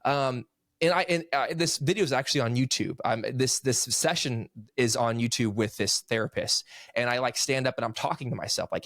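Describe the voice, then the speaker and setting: A man's voice: mid-range voice, brisk, a bit bright, no room sound, studio quality. A man in his thirties, a podcast guest and author, earnestly telling a personal story in casual conversation. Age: 30s.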